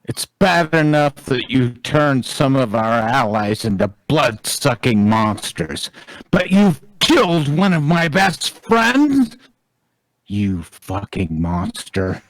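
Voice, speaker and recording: Brief: male reader as a hot-headed bird pilot; raised, swooping, very slow lines. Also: mid-range voice, huge pitch swings, creaky, smooth, voice pushed up, exaggerated voice. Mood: furious. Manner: shouted, outraged delivery. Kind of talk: live comedic fanfic reading.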